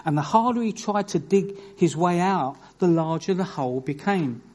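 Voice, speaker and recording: Earnest preacher man, bright lifted voice. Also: high-pitched. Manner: earnest storytelling with bursts of emphasis; reads scripture aloud in a measured way. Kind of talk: sermon.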